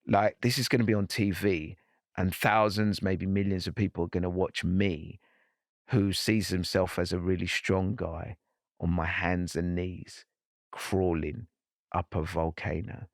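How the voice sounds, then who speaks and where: A man's voice: sits low, level tone, a little slow, no echo, clean studio sound. A man, a podcast guest, recounting a personal story in an earnest, reflective way with frequent restarts.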